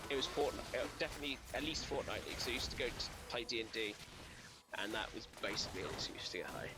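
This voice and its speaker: Male co-host, hesitant and giggly, mid-pitched voice, noise under the audio. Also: expressive. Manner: halting, repeats words, giggly. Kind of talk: casual stream chat.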